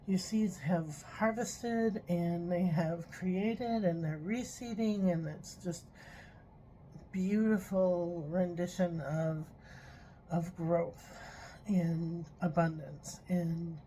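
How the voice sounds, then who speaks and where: A woman with a fairly low, warm voice speaks earnestly and with frustration in her personal vlog, reading tarot and occasionally breaking off to apologize. It's an emotional monologue captured in a rough recording with slight background noise.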